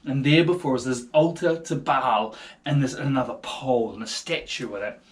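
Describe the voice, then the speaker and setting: A man with a New Zealand accent telling a Bible story to children in a casual, playful, animated way. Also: mid-range voice, normal speed.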